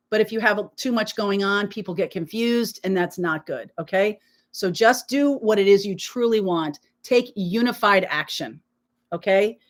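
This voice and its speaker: A woman hosting a live tarot reading, talking to her viewers in a reassuring, emphatic way while nursing a sore throat. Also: medium pitch. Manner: reassuring, emphatic, peppered with "okay?". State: sore throat, frequent throat-clearing. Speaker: tarot reader, live stream host.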